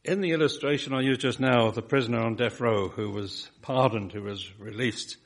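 Husky-voiced preacher, emphatic sermon. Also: male voice, medium pitch, fairly quick. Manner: emphatic preaching, swelling and dropping to soft repeated phrases.

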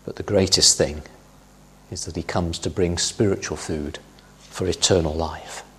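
A middle-aged man preaching a sermon, teaching through scripture in a measured way and quoting verses with emphasis. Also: sits low, fairly even intonation, sharp tone, breathy edge.

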